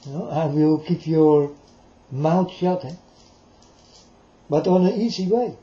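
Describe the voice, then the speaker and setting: A man's voice: fairly high pitch, takes it slowly, mellow. A man delivering a rambling, preachy monologue straight to his listeners, repeating himself as he goes. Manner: preachy, repetitive, addresses listeners directly. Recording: roomy, dull lo-fi recording.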